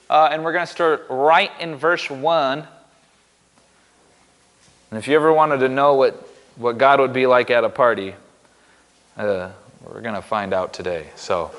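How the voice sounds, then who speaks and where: A man's voice: medium pitch, fairly bright tone, in a large hall. A man giving a casual, upbeat sermon in a church, joking and poking fun at himself. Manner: upbeat, joking, self-deprecating. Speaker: pastor.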